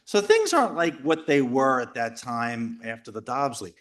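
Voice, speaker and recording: A middle-aged man speaking at a men's retreat, telling a personal story in a jokey, animated way and acting out the voices of others. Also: mid-range voice, normal speed. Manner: animated, jokey, acts out quoted voices and shouts. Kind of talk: lively storytelling talk. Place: retreat house talk before a live audience.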